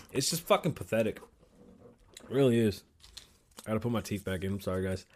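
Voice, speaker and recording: A man's voice: normal speed, a little hiss or hum. Profane, rambling male podcast host. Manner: profane, rambling, animated swings in pitch. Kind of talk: casual solo rant.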